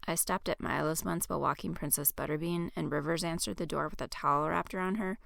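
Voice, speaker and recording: A woman voicing a gentle teenage boy. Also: low-pitched, fairly even intonation, quick pace, gravelly, no echo, studio quality, pitched below the performer's own voice, exaggerated voice.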